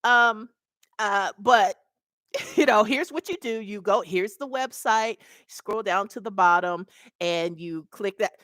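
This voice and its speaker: A middle-aged woman speaks at a middle pitch into a webcam in a dry, close room. She tells a work story in an easy, chatty way and acts out each person's voice. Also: slow, no room sound. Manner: animated, acts out the people in her story. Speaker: mobile notary mentor. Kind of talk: casual storytelling vlog.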